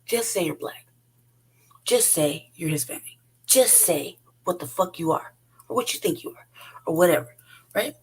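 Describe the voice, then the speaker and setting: A woman's voice: lowish voice, expressive, normal speed, long pauses, slightly rough, rough recording. A woman, hosting her own show and ranting bluntly and profanely, laughing often. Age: 40s. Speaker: podcast host. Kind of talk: unscripted rant.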